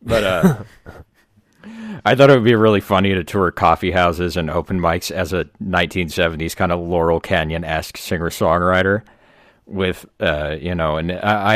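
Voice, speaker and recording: Comedy podcast co-host, deep-voiced man, dry and deadpan, rambling tales. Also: moderate pace, no echo. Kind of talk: casual comedy podcast chat.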